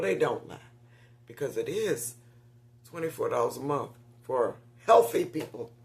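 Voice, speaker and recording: A man's voice: medium pitch, slight background noise. A man in a casual vlog monologue, chatting directly to viewers with frequent whispered asides and getting short of breath when he talks for long.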